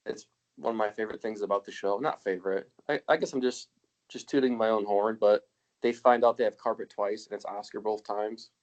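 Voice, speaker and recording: A man's voice: lowish voice, steady tone, a little fast, darkish tone, muffled recording. A young man co-hosting a casual podcast chat, laughing often and acting out quotes in raised voices. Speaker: podcast co-host.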